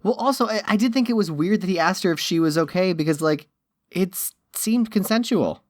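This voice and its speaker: A man's voice: high-pitched, brisk, no echo, studio quality. A man co-hosting a podcast in casual chat, with wry, sardonic quips. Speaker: podcast co-host.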